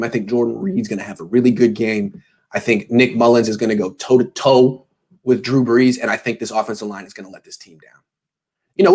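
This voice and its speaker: A tired man hosting a pregame sports show, talking casually with jokes and self-deprecating tangents. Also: medium pitch. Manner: joking, self-deprecating, meandering.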